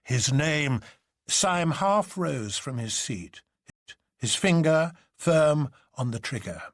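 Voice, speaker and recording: A man reading a novel aloud in scripted narration, measured and expressive. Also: on the high side, no echo, studio quality.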